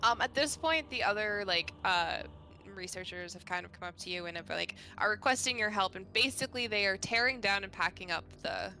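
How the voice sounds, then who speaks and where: A woman's voice: medium pitch, animated, brisk, sharp tone, a little hiss or hum. A woman narrating a tabletop game as game master, chatty with many fillers.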